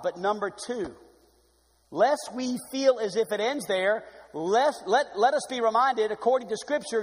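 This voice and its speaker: A male pastor preaches to his congregation with a high, ringing voice. He swings from loud, emphatic calls to soft, hushed passages. The long reverb of a church sanctuary trails after his words. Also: husky. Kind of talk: sermon.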